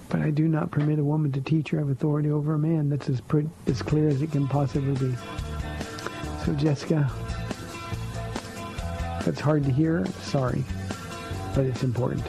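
A man's voice: a little high, creaky, dark tone, low-quality recording. A man hosting a radio call-in show as a pastor, answering listener questions about faith in a firm, blunt, plainspoken way from a studio.

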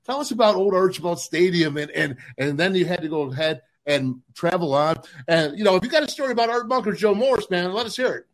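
A man's voice: high-pitched, fast talker, few pauses. A man co-hosting a podcast in casual chat. He has a folksy way of talking, prompts the others for stories and often says "man.". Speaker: podcast co-host.

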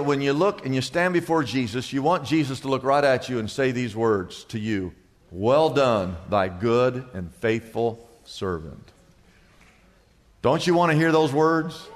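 A man's voice: mid-range voice, big-room sound. An older man preaching a sermon as pastor, emphatic, piling up rhetorical questions.

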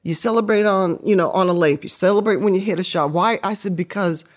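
Animated, laughing older woman storyteller. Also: mid-range voice, fairly quick. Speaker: podcast guest, former basketball player. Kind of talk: casual storytelling interview.

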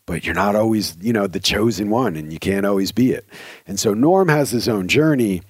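Male podcast host, earnest and chatty, keeps restarting his sentences; low voice, dry close sound. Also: animated, moderate pace, husky, no room sound. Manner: earnest, conversational, with frequent restarts. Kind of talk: reflective spoken commentary.

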